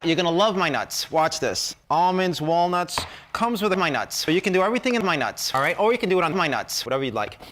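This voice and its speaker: Middle aged infomercial guy, bright sharp voice, bouncing all over the place, super pushy salesman. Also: a little high, big pitch swings, a little hiss or hum. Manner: emphatic, pushy, rapid-fire selling. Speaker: infomercial pitchman.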